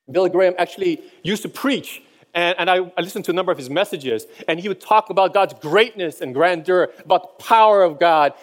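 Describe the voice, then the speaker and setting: A man's voice: high-pitched, long reverb tail. A middle-aged man preaching a sermon, telling stories and chuckling between points. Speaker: pastor.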